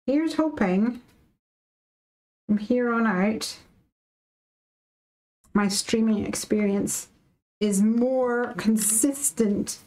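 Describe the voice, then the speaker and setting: A woman's voice: medium pitch, a little mellow, low-quality recording. A woman from the UK hosting a live craft stream, chatting casually and animatedly with viewers and reading out their comments.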